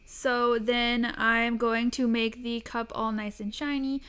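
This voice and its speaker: A woman's voice: on the high side, flat delivery, takes it slowly, fairly bright tone, smooth. A young woman hosting a craft tutorial, talking through each step in a chatty, self-deprecating voice-over.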